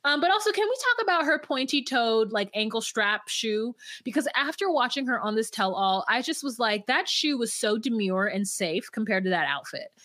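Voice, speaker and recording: A woman's voice: fairly high pitch, lively intonation, moderate pace, few pauses, a bit bright, dry recording, clean studio sound. A woman co-hosting a podcast, chatting casually and wryly as she recaps, laughing often. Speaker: podcast co-host.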